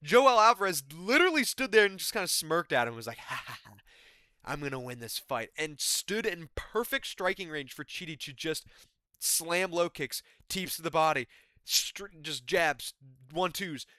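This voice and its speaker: Bright, crisp-voiced man recapping fights. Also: a little high, lively intonation, normal speed, no echo, studio quality. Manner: rambling, profane, exasperated. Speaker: MMA commentary YouTuber.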